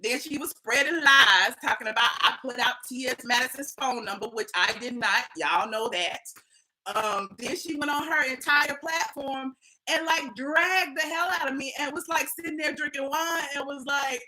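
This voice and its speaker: A woman hosting a livestream of gossip commentary, sassy and animated, often laughing. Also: high voice, normal speed, low-quality recording. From Atlanta, US. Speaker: host.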